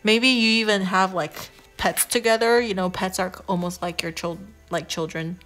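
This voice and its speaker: A woman giving a casual tarot reading, chatty and warm in her advice, with frequent fillers, restarts and "right?" tag questions. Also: mid-range voice, fairly even intonation, normal speed, soft background music. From Asia. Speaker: tarot reader.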